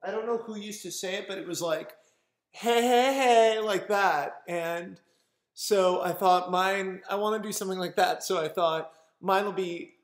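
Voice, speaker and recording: A man's voice: high-pitched, steady tone, normal speed. A man casually telling a funny story to camera, rambling with many fillers and often laughing. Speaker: vlogger.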